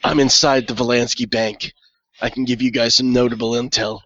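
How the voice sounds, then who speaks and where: A man's voice: mid-range voice, little pitch movement, brisk, fairly bright tone, no room sound, close to an everyday voice. A man playing Deacon McCoy, a cocky agent. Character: brash male Interpol agent held hostage. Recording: dull, dry online call audio.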